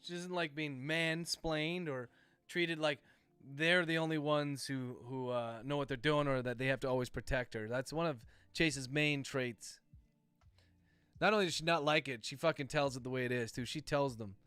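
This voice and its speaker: Smooth-voiced man dictating his novel. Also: mid-range voice, normal speed, fairly bright tone, dry recording. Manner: reads punctuation aloud, casual and swears freely. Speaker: author and livestream host. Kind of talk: dictating a novel aloud, chatting with viewers.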